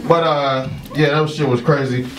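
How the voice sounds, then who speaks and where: A man's voice: mid-range voice, steady tone, moderate pace. A man doing stand-up, telling a story full of swearing and laughing at his own jokes. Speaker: stand-up comedian. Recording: echoey room with crowd noise.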